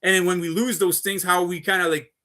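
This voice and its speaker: Guy ranting on a livestream, high bright voice, swears a lot, rambles and keeps saying folks. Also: level tone, a little fast. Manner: profane, rambling, repeats himself, keeps addressing viewers as folks. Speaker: live streamer. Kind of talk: unscripted ranting monologue.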